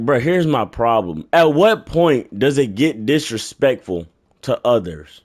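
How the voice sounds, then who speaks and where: A young man telling a comedic rant story, profane and exasperated, sometimes bursting into yelling. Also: mid-range voice, big pitch swings, a little slow.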